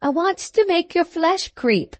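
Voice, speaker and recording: A woman voicing a sly, slow fat serving boy who drawls in rough country grammar. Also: very high voice, lively intonation, dry recording, voice pushed up. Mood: ominous. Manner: drawling, ungrammatical country speech.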